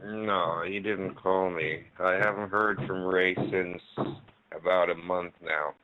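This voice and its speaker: A man with a very low voice asks short, terse questions. His voice comes through a muffled, dull phone line. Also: fairly even intonation, takes it slowly, dry recording. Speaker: phone scammer. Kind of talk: phone call.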